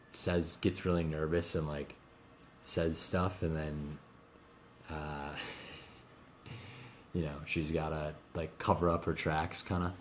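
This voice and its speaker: A man with a very low, deep voice talks casually to readers on a live stream from his home. He rambles, leans on fillers and laughs easily as he answers questions, with a faint hiss of noise behind him.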